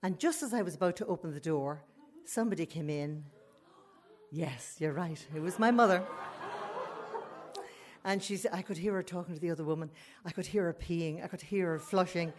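A woman telling a comic personal story live, animated and full of laughing asides. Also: fairly low pitch, moderate pace, long pauses.

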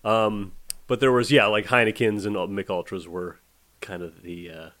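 Man, lowish voice, rambling casual chat, laughs easily. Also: fairly even intonation, normal speed, fairly bright tone. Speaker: podcast co-host.

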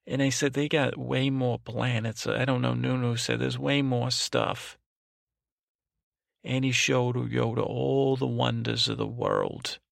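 A man's voice: mid-range voice, slow pace, gravelly, no room sound, studio quality. A man voicing an overprotective, cranky old grandmother who rambles, trails off and restarts constantly in a comic improvised monologue. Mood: rambling. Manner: meandering, trails off, frequent restarts and "I don't know". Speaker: podcast host.

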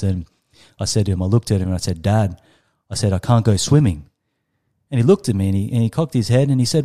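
Australian man in his 30s, guest storyteller; low, mellow voice, emphatic delivery. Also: fast talker. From Western Australia. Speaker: guest, startup coach. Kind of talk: storytelling in a podcast interview.

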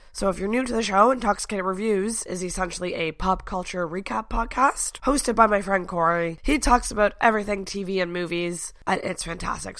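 A Canadian woman in her thirties hosting a podcast, chatty and self-deprecating, slowly losing her voice. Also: medium pitch, a bit bright, dry recording, studio quality. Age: 30s. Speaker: podcast host. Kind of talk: casual podcast chat.

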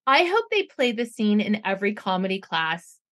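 A woman co-hosting a podcast, casually recapping a reality show in an animated, profane way, mimicking people and laughing often. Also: mid-range voice, normal speed, no room sound. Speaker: podcast co-host.

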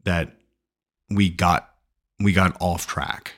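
Man, podcast co-host, very deep voice, casual, reflective, halting. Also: steady tone, a bit bright. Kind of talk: casual chat.

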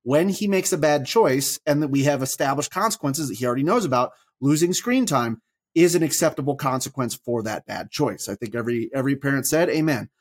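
A man's voice: mid-range voice, expressive, fairly quick. A man in his thirties, a father, chatting on a faith podcast who tells stories with animation and often restarts his sentences. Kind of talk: casual faith podcast chat.

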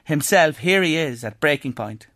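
A man's voice: fairly high pitch, lively intonation, moderate pace, fairly bright tone, no room sound, studio quality. An Irish man presenting an afternoon radio show, chatty and upbeat. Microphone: studio mic.

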